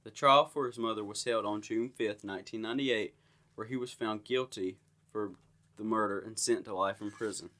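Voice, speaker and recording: A man co-hosting a podcast, reading out a true-crime case in a steady, matter-of-fact way. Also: on the low side, normal speed. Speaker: podcast co-host.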